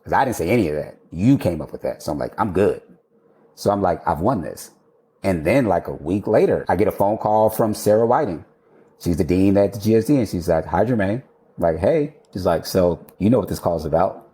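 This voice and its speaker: Male guest, 30s, deep warm voice, casual storyteller, laughs often, swears casually. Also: animated, fairly quick. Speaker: architect guest.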